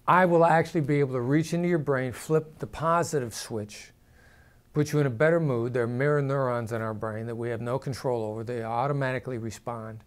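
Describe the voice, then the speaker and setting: A former negotiator, a man, explaining negotiation to camera in a measured way, sometimes lowering his voice to show a firm tone. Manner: measured, drops pitch and volume to demonstrate firm downward inflection.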